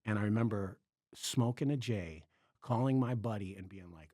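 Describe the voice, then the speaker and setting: A man hosting a podcast, telling a long story in a casual, animated way, acting out quotes and laughing often. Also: fairly low pitch, moderate pace, dry recording, clean studio sound. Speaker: podcast host, comedian.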